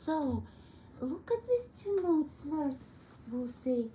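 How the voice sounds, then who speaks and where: A woman teaching a young child piano, gently coaxing and encouraging her through each step. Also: high-pitched, big pitch swings, takes it slowly, a little hiss or hum, rough recording. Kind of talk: one-on-one children's piano lesson. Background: piano playing.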